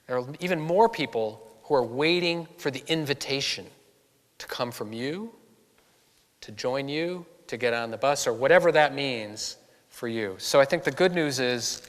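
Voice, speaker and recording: A man from giving a talk to an audience, telling stories and acting out the voices of people he quotes. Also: medium pitch. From Boston area, USA. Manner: animated storyteller, acts out quoted voices. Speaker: author giving a public talk. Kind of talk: storytelling speech to an audience. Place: church hall. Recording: long hall reverb.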